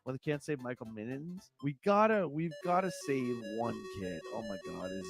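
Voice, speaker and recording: A man hosting a retro gaming livestream and narrating a playthrough, excitable and yelping as he plays. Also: mid-range voice, normal speed, creaky, music in the background. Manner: excitable, yelps and shrieks while gaming. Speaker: livestream host.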